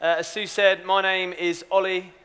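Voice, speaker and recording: A man's voice: sits high, level tone, normal speed. A young man giving a chatty, self-deprecating youth talk with a story. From Britain. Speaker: youth speaker.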